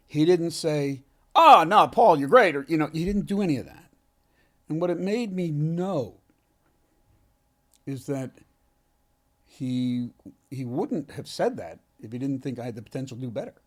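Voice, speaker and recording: A man, an actor being interviewed, telling a heartfelt story in an earnest, halting way with many restarts. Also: fairly high pitch, animated, dark tone. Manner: halting, frequent restarts and self-corrections. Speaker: actor, podcast guest.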